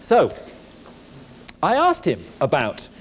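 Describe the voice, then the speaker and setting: A man with an English accent giving an explanatory lecture, measured with dry humour. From England. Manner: lively, animated delivery with big pitch jumps. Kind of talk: recorded educational lecture. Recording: faint background noise, old VHS tape.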